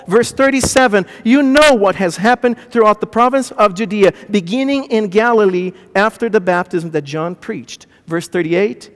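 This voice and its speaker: A man preaching a sermon, animated, swinging between loud bursts and hushed lines. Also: fairly high pitch, normal speed. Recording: long hall reverb.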